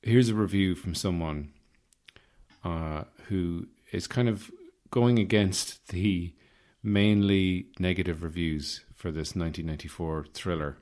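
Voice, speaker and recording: A man hosting a podcast, his voice slightly rough, rambling through an improvised comic monologue with self-mocking asides. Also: low-pitched, steady tone, unhurried, darkish tone. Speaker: podcast host.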